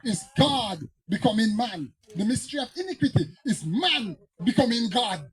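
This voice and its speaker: A man's voice: very high-pitched, sing-song, moderate pace, husky, poor audio. Fiery Jamaican preacher man. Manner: storytelling, rising to fiery emphatic preaching. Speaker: pastor. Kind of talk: preaching Bible teaching.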